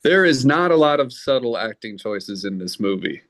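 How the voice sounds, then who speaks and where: A man's voice: mid-range voice, sing-song, moderate pace, a bit bright. A man who is an actor, a guest in a casual podcast chat, speaking wryly and hesitantly with many ums.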